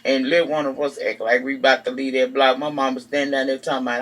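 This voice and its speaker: A man's voice: on the high side, fairly quick, fairly bright tone. A man giving a casual, gossipy, profane recap of a reality show, now and then acting out what the cast said. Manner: sassy, profane, gossipy storytelling; acts out quotes of the people he recaps. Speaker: TV recap vlogger.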